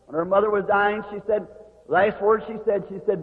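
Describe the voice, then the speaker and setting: A man's voice: fairly even intonation, moderate pace. Brief: male preacher, emotional testimony, long hall reverb. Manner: emotional, pleading, rising to high cries. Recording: tinny old lo-fi recording in a reverberant hall.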